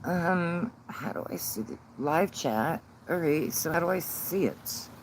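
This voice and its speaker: A man chats on a phone livestream outdoors, rambling and stopping often as he works out the settings. His voice sits a bit high and moves slowly. Passing cars and outdoor hum stay clearly audible under it. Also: lively intonation. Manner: rambling, halting, fumbling with the phone. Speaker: channel host on sobriety. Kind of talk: casual livestream chat. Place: outdoors in a sunny yard. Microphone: phone held by the speaker. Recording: outdoor phone stream with road noise.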